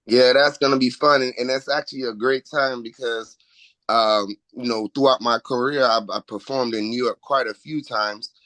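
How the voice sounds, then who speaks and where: In an interview, this D.C. man with a local accent chats upbeat about his own music, plugging himself and chuckling often. His medium-pitched voice is steady and sharp, at a moderate pace. The recording is rough, with no room sound.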